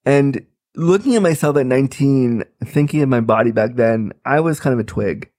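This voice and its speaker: A man's voice: medium pitch, unhurried, darkish tone. A man in his thirties telling a comic personal story, candid and chatty, full of fillers. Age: 30s.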